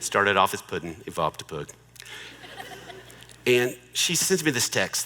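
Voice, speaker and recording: A man's voice: on the low side, very animated, unhurried, pauses often, big-room sound. A middle-aged man giving a humorous marriage talk in a joking, conversational way. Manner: joking, conversational, warmly persuasive. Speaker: marriage speaker.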